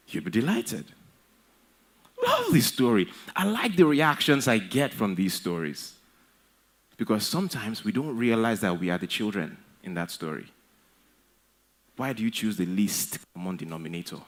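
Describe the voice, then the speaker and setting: A man's voice: lowish voice, normal speed, pauses often. A man giving a humorous motivational talk at a conference, telling stories with playful asides. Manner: animated storyteller, playful asides. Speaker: conference speaker.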